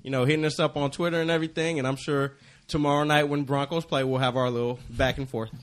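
A man's voice: mid-range voice, steady tone, fast talker. A man co-hosting a sports podcast, talking casually with stammered restarts. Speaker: podcast co-host.

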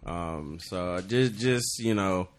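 A man's voice: low-pitched, slow pace. A man co-hosting a podcast in casual chat, hesitant with fillers and free with swear words. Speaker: podcast co-host.

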